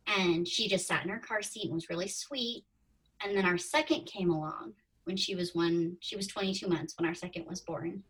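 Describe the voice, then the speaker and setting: A woman in her thirties, on the low side in pitch with a bit of brightness and a breathy edge, talks at a moderate pace. As a podcast guest she tells her story casually, acting out her earlier thoughts, and she's recorded at a distance from the mic.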